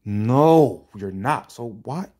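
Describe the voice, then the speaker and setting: A man's voice: mid-range voice, expressive, slow, mellow. A man reacting to viewer comments in a rant that is exasperated, profane and sarcastic. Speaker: commentary streamer.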